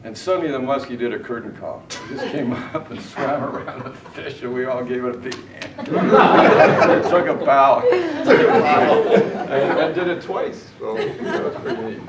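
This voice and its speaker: A man's voice: mid-range voice, very animated, unhurried, hardly any pauses, a loud crowd. A middle-aged man telling fishing anecdotes in a tribute speech at a party, chuckling often as he goes. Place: large indoor party room. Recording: echoey, distant, noisy party room.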